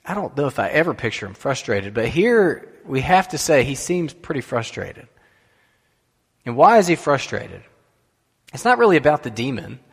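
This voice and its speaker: A man preaches a sermon in a relaxed, conversational way and often turns to the listeners with questions. His voice sits at an ordinary middle pitch. A long reverb trails after his words, as in a large church hall. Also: normal speed, vocal fry, breathy edge. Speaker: pastor.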